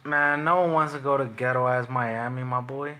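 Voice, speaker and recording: A man's voice: medium pitch, steady tone, moderate pace, sharp tone. A young man, a boxer, taunting his livestream chat in slangy, repetitive trash talk.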